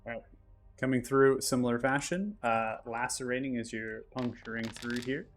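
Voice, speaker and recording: A man acting as game master, calmly narrating the action and explaining rules step by step. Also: medium pitch, moderate pace, soft background music. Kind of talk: narrating and ruling a tabletop game.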